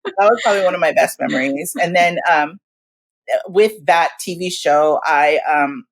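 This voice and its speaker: A woman in her forties telling stories in casual chat as a guest, animated and laughing often, acting out the voices of people she quotes. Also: deep voice, normal speed. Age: 40s. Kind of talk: casual storytelling.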